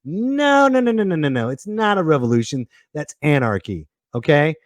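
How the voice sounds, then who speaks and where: A man hosting his comedy podcast, excitable and ranting, with sudden bursts of shouting. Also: on the high side, normal speed, no echo, studio quality. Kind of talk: casual comedic monologue.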